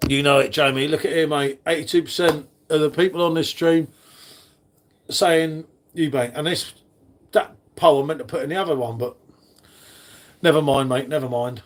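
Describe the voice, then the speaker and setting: Matey guy chatting to his stream, slightly high voice. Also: fairly even intonation, normal speed, slight background noise. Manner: chatty, matey, talks to chat readers by name. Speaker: live stream host. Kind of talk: casual live stream chat.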